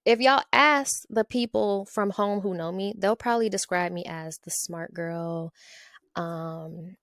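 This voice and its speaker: A woman's voice: mid-range voice, steady tone, a little slow, fairly bright tone, dry recording. A woman from Ohio hosting her own podcast in a casual solo monologue, chatty and playful, tagging her lines with "okay?" and "y'all". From Ohio, USA. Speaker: podcast host.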